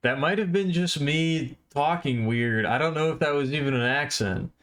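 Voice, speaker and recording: A man's voice: on the high side, moderate pace, a bit bright. A man streaming while he draws, chatting casually and answering his chat in a mumbling, self-deprecating way.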